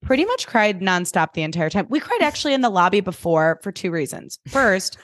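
A woman's voice: medium pitch, big pitch swings, a little fast, fairly bright tone, no echo. Chatty, emphatic woman podcast co-host. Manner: chatty, emphatic, swears freely. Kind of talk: casual chat.

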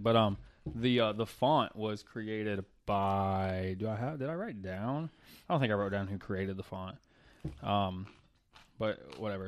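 A man's voice: fairly low pitch, smooth, dry recording. A man co-hosting a podcast in casual chat, talking in a profane, rambling way. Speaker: podcast co-host.

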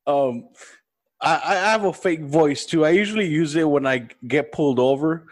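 A man's voice: fairly high pitch, moderate pace. A man hosting a podcast, chatting casually and enthusiastically with lots of slang and swearing. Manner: laid-back, enthusiastic, profane. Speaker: podcast host.

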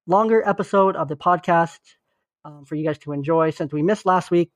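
A flu-stricken young man, co-hosting a casual podcast, talks in a loose, earnest, encouraging way. His voice sits high, and the recording carries no room sound.

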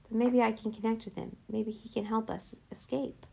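A woman's voice: a little high, level tone, normal speed, gravelly, darkish tone, husky. A woman reading as a brave young boy hero. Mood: urgent. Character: brave young boy dragon master, anxious but hopeful.

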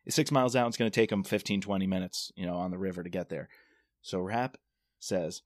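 Brief: low male voice, casual podcast co-host, lively plot retelling, dry close sound. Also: a little fast, no echo. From Washington DC area. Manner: animated retelling, acts out characters' lines. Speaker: podcast co-host discussing a novel. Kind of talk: casual chat.

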